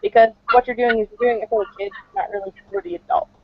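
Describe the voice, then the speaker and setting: A woman's voice: a little high, sing-song, fast, gravelly, husky, no room sound. Woman cosplayer rambling in an interview, lots of um and like, muffled dry recording. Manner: chatty, rambling, filler-heavy. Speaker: cosplayer guest. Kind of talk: casual interview answers.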